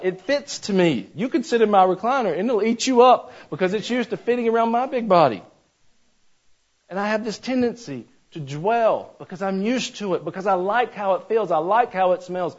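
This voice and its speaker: A man's voice: mid-range voice, a little mellow. A man preaching a sermon in a folksy, conversational way, talking straight to his congregation. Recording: slightly dull lo-fi sound.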